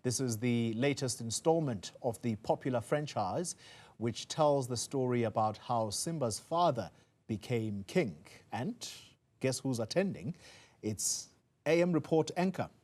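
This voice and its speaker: A man presenting the news from the studio, steady and conversational as he introduces a live cross. His delivery is measured and clear. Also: medium pitch. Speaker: news anchor.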